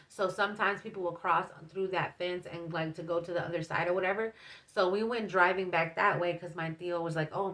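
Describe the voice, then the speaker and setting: A woman's voice: on the low side, fairly bright tone. A woman vlogger telling a story in a casual storytime, chatty and full of fillers and asides to her viewers.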